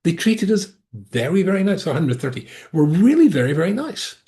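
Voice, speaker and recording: A man's voice: fairly high pitch, very animated, fairly quick, warm tone. A male rabbi teaching a Torah class over a video call, talking in a digressive way with frequent restarts and asides.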